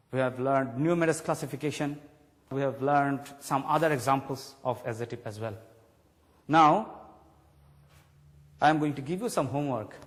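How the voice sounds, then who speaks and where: A man teaching a grammar lesson on television, slowly stressing key words for his students. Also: mid-range voice, in a large hall. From Bangladesh.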